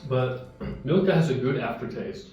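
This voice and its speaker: A man's voice: mid-range voice, expressive, moderate pace, dull audio. A man reviewing chocolate in a casual, rambling chat, sometimes talking while he chews. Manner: chatty, rambling, talks while chewing. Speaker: vlogger tasting chocolate. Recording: very echoey room, mic far off, guitar music behind. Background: soft guitar music.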